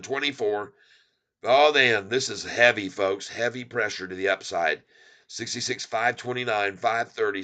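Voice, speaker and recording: A middle-aged man hosting a live stock market stream, calling out share counts and prices in an excited, rapid patter. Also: medium pitch. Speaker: stock market livestream host. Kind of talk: live stock-ticker commentary.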